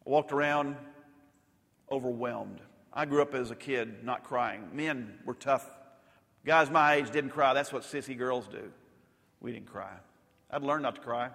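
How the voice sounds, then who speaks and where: A male pastor preaching a sermon, rising to loud emphatic peaks and dropping to soft, intimate lows. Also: unhurried, creaky. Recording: long hall reverb.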